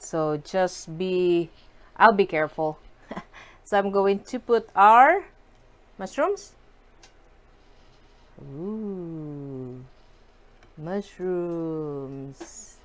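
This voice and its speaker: A woman cooking at home and chatting to her viewers, giggly and excitable. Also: on the low side. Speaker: cooking vlogger. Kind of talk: casual cooking chat to viewers. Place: home kitchen.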